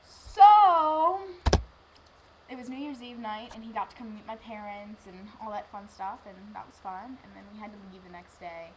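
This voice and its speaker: A woman's voice: mid-range voice, fairly quick, few pauses, background noise. A teenage girl telling a personal story in a rambling, emotional way, acting out what people said. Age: teens. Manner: rambling, emotional, lively with acted-out quotes. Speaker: vlogger.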